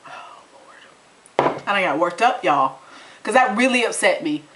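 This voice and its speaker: A woman's voice: medium pitch, moderate pace, background noise. Fired-up woman recapping reality TV. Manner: animated, indignant, folksy Southern US turns of phrase. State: out of breath. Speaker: TV recap vlogger. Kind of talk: casual recap chat.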